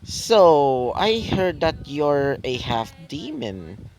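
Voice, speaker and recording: A man's voice: a little high, big pitch swings, darkish tone, full character voice. A man doing a chatty, friendly young woman. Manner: friendly, casual, quick.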